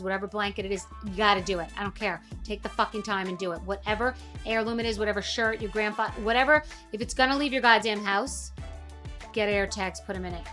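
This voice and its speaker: A middle-aged woman holds forth in a casual monologue, blunt and peppered with swearing. Her voice is bright and forceful, with emphatic punches on key words. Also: mid-range voice. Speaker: podcast host.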